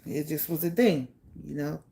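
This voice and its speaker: A woman telling a painful personal story to camera, halting and soft-spoken, trailing off with pauses and sighs. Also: sits low, creaky.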